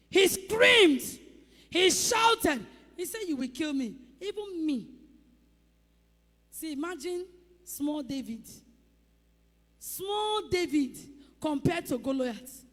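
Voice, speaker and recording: A woman's voice: very high-pitched, a bit bright, long reverb tail. A woman pastor preaching a sermon with emphatic calls, rhetorical questions to the congregation and acted-out sound effects.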